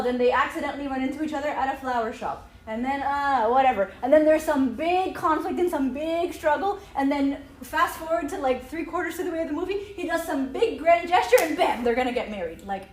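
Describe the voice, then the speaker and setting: Woman, 30s, high voice, animated, says "okay?" a lot, church talk, echoey hall, faint background noise. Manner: animated, often ends lines with "okay?". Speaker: speaker at a church youth talk. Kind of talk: lively talk with slides.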